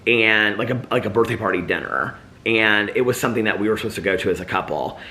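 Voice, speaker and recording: A man's voice: on the low side, quick pace, bright, forceful tone. A man vlogger in casual, reflective chat, rambling with lots of "like" and "you know".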